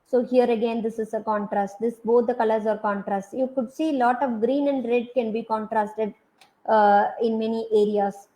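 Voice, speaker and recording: A woman's voice: on the high side, level tone, normal speed, warm tone, rough recording. A woman with an Indian English accent giving a university design lecture, talking through slide examples with many hesitant fillers.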